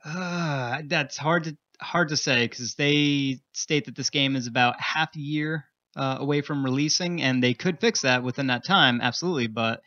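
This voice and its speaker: Reviewer: mid-pitched man, halting and explanatory, dull lo-fi broadcast sound. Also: sharp tone. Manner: hesitant, lots of uh, explaining. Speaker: game reviewer on a radio show. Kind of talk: casual radio chat.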